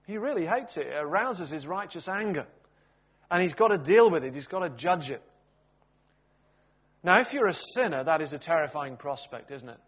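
Expressive man preaching a sermon. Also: on the high side, breathy edge. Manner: expressive storytelling with wide swings in loudness.

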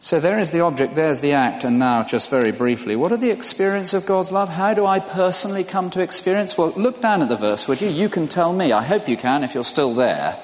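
A man's voice: a little high, animated, a little fast, few pauses. Older guy giving a sermon, talks like a chat, asks the crowd stuff, echoey hall. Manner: conversational, asks the listeners questions. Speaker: preacher. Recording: long hall reverb.

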